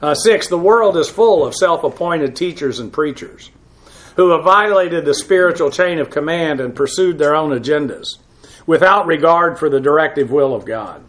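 A man who is a pastor, teaching a verse-by-verse Bible lesson in a halting way, full of uh fillers, with frank, blunt asides. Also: a little high, lively intonation, a bit bright.

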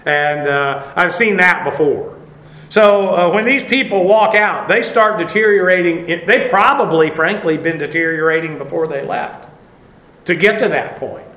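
A man's voice: fairly high pitch, moderate pace, bright, forceful tone, reverberant, low-quality recording. An older man preaching a sermon as pastor, in a conversational way with many fillers and restarts.

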